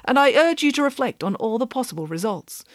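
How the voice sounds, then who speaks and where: A woman voicing a calm, precise schoolgirl who lays out her deductions. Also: a little high, a little fast, no room sound, clean studio sound, voice pushed up. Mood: coolly logical. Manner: calm, clipped, reasoning. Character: cool, precise schoolgirl detective.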